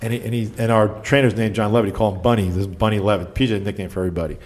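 Middle-aged man with a low voice, guest coach with lively, acted-out anecdotes. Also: very fast. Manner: animated storyteller, acts out quotes. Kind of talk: casual storytelling chat.

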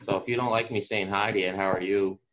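A man from Atlantic Canada, a podcast guest, telling a casual anecdote in a relaxed way. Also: fast talker, background noise. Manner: relaxed anecdotal, raises pitch for quoted voices. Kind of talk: casual storytelling. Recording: dull lo-fi sound.

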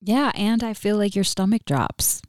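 A woman interviewing an author, asking questions in a relaxed, conversational way. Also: medium pitch, normal speed.

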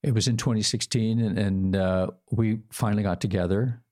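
An older man telling a personal love story in a hesitant, halting way, with many fillers and restarts, acting out both sides of the dialogue. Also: lowish voice, fairly even intonation, dark tone. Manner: quotes himself and his partner in dialogue.

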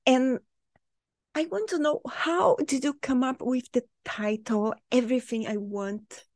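Female podcast host, very slow and measured, polite questions, dry close sound. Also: high voice, expressive, darkish tone, no room sound. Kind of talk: interview questions.

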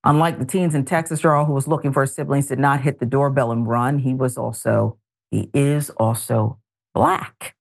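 A middle-aged woman hosting a news talk show, reading stories and adding pointed, animated commentary. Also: a bass voice, moderate pace, gravelly. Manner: animated, editorializing with pointed asides.

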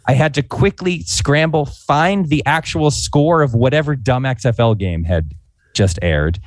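A man in his forties telling an anecdote in animated, casual podcast chat, peppered with fillers. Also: mid-range voice, dry recording. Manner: animated, fast-paced anecdote with frequent "like" fillers. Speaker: podcast guest, former comedy writer. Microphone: podcast microphone.

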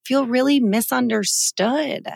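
A woman's voice: high-pitched, slow, creaky, a little mellow, dry recording, studio quality. A woman in her forties co-hosting a podcast, talking in an earnest, heartfelt way. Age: 40s. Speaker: podcast co-host. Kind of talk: casual podcast conversation.

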